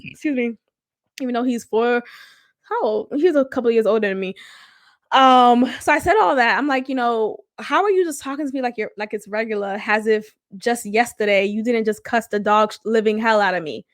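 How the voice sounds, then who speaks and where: A woman's voice: fairly high pitch, fairly quick, no room sound, clean studio sound. A young woman of Haitian roots, a podcast host telling a personal story in casual, candid talk and swearing freely.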